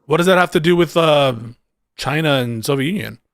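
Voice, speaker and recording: A man's voice: a little high, fairly quick, no echo, studio quality. A man hosting a livestream debate, hesitant and questioning, with occasional casual swearing. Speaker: streamer host.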